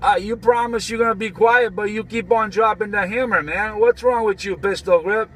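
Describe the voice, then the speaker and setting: Casting: high-pitched man, CB radio joker in his vehicle, teasing and repetitive. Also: normal speed, a bit bright, poor audio. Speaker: trucker on CB radio. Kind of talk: casual CB radio banter.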